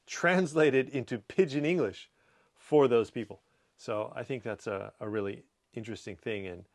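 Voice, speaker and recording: A man hosting a show, casually reading viewer comments aloud and chatting about them in a relaxed way. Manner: breaks into playful high scolding voices. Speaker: host.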